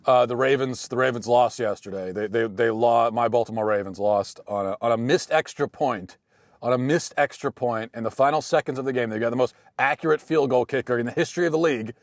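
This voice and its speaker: An American man in his thirties hosting a show, talking through a casual monologue with dry, deadpan humor and frequent restarts. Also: medium pitch, fairly quick, no room sound. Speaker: podcast host.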